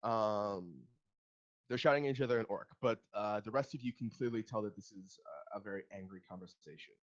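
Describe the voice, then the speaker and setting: A man's voice: on the low side, fairly quick, dull audio. A man narrating a tabletop game as game master, hesitant with many ums and restarts.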